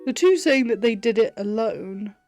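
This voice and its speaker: A woman streaming a game, reading its narration aloud and then musing over the puzzle in a chatty, playful way. Her voice sits somewhat high. Quiet music runs softly under her talk. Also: expressive, moderate pace. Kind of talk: reading game text aloud and thinking out loud.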